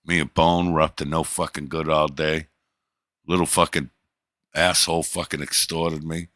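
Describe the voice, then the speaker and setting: A man's voice: extremely low pitch, little pitch movement, normal speed, fairly bright tone, no echo, studio quality. A middle-aged man hosting a livestream, talking in a crude, boastful and teasing way. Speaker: livestream host. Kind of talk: casual livestream chat.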